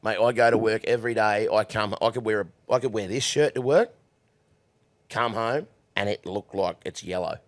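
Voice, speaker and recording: A man's voice: fairly low pitch, moderate pace, dry recording. A young Australian man, a horse trainer, telling crude stories with lots of swearing and laughter in a casual podcast chat.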